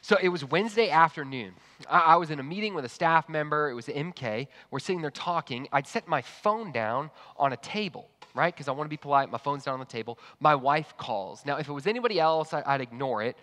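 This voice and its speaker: A man preaching a sermon to an online congregation, telling a personal story in a lively, conversational way. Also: on the high side, fairly quick. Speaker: pastor. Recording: long hall reverb.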